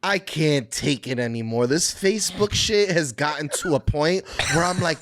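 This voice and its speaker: A man co-hosting a podcast in casual chat, animated and laughing often, swearing freely as he tells stories. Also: fairly high pitch, moderate pace, few pauses, a little hiss or hum. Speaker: podcast co-host.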